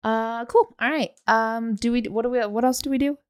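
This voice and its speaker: A woman co-hosting a podcast in casual chat, playful and quick to laugh. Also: a little high, fairly even intonation, clear, resonant tone. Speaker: podcast co-host.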